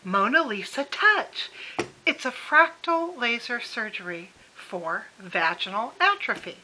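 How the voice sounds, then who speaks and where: A woman's voice: a little high, sing-song, takes it slowly, pushed and bright, heavily acted, rough recording. A woman quoting her eager, chatty sister. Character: chatty excited adult sister.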